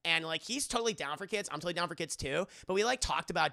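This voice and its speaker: A man's voice: fairly high pitch, expressive, quick pace, gravelly, sharp tone. A man streaming a casual comedic movie recap, rambling, profane and sarcastic. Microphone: close streaming mic.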